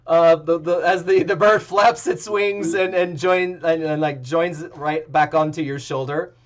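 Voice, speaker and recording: Slow, rambling male game master. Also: fairly high pitch, fairly even intonation. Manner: rambling, filler-heavy narration. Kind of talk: narrating a tabletop game.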